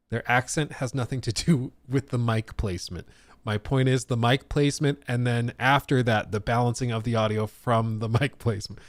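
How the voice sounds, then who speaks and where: A man's voice: mid-range voice, steady tone, normal speed, dry recording. A man chatting casually on a live stream, reacting to gaming news, rambling, laughing and reading chat comments aloud.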